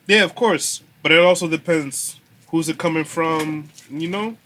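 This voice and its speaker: A man's voice: a little high, unhurried, bright, forceful tone. A young man who makes music, talking earnestly in slang as a guest on a casual podcast.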